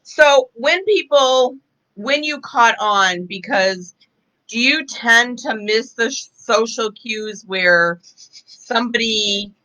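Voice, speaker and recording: A woman hosts a casual live interview with a bright voice. She asks questions in a steady way and keeps pulling the guest back to the point. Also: on the high side, slow pace, low-quality recording. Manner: probing questions, keeps steering back to the topic. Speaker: host.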